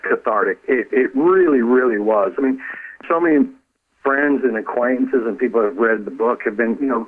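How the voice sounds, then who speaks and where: A man, an author who trained as a counselor, speaking earnestly and haltingly in a radio interview, often repeating words. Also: medium pitch. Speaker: author and former counselor, guest. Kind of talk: radio interview over the phone. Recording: tinny phone line.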